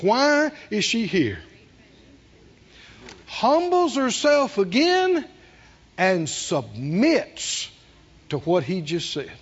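Husky-voiced preacher swinging hushed to loud. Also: male voice, on the high side, dull audio. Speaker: pastor. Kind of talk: sermon.

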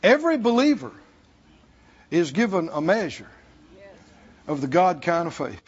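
Slow-preaching high-voiced man in a hall. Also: big pitch swings, husky. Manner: slow, pausing delivery with asides to the congregation. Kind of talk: sermon. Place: church hall. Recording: dull sound in a hall with long reverb.

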